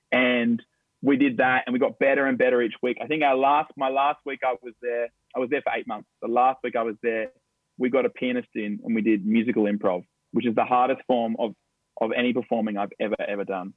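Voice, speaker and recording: A man's voice: mid-range voice, no room sound. A young Australian man, a stage actor, chatting upbeat and telling stories in an interview. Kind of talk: casual interview chat. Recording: dry tinny phone-like line.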